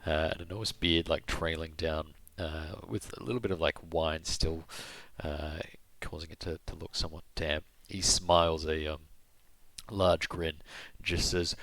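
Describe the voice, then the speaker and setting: A man narrating a tabletop game as game master, halting with many fillers. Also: extremely low pitch, steady tone, fairly bright tone, dry recording, soft background music.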